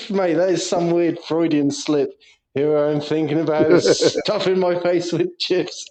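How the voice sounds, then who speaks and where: A man's voice: on the high side, fairly even intonation, measured pace, darkish tone, low-quality recording. A man co-hosting a podcast, chatting casually, swearing often and laughing through his stories. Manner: sweary, laughs a lot, storytelling. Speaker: podcast co-host. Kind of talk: casual banter.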